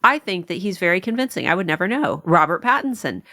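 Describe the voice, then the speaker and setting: A woman hosting a podcast, talking casually in an animated, rambling way with frequent laughs. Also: lowish voice, fast talker. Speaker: podcast host. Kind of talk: casual chat.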